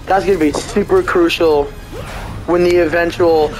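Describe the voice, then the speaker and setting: A man giving casual let's-play commentary, rambling, blunt and excitable. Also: on the high side, moderate pace, soft background music, poor audio. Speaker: gameplay host.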